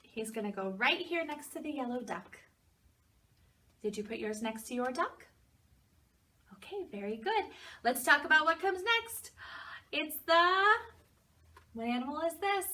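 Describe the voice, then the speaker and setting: A woman who teaches preschool, leading young children through a story lesson in a gentle, encouraging voice with sing-song phrasing. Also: high voice, recorded from a distance.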